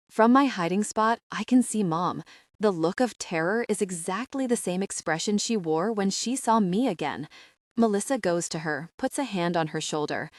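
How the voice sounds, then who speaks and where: A woman reads a first-person audiobook in a steady, even way. Her voice sits at a middle pitch. The recording is dry and close, with no room sound. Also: normal speed, no echo. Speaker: audiobook narrator. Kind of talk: first-person scripted narration.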